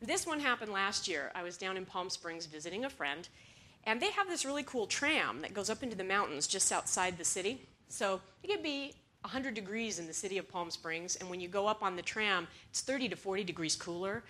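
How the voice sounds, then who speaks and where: A woman giving a talk to an audience, telling stories in an animated way, laughing now and then and acting out the lines she quotes. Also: medium pitch, brisk.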